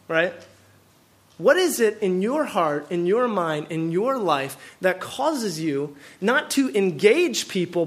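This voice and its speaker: Full of rhetorical questions and animated energy, this high-voiced man delivers a sermon as a pastor. He comes from the US Pacific Northwest.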